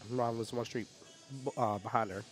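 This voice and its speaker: Man, mid-pitched, relaxed pool commentary, chatty storytelling, faint music in the background. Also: a little fast. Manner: chatty storyteller, laughs often, repeats words. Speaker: pool commentator and division rep. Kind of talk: casual live sports commentary.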